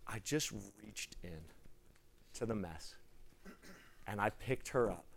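A young man preaching a sermon through a personal story, animated, acting out the people in it and dropping to a hush at tender moments. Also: fairly low pitch, slow pace, a little hiss or hum. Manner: animated, acts out the people in his stories; laughs between lines, drops to a hushed tone for tender moments.

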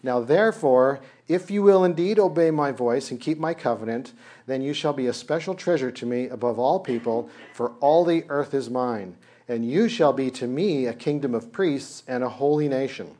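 A man's voice: medium pitch, moderate pace, mellow. A man preaching a casual sermon, conversational, acting out dialogue with humor. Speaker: pastor.

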